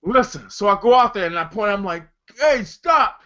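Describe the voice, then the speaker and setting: Middle-aged male co-host; crude, animated storyteller, bright voice, lo-fi mic. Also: sits high, quick pace, smooth. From Detroit. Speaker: podcast co-host. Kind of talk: casual storytelling.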